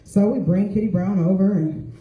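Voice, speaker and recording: On stage amid audience laughter, a middle-aged woman does stand-up, narrating stories and acting out others' quotes in their voices. She speaks at a moderate pace with medium pitch, and the audio is phone-quality in an echoey room.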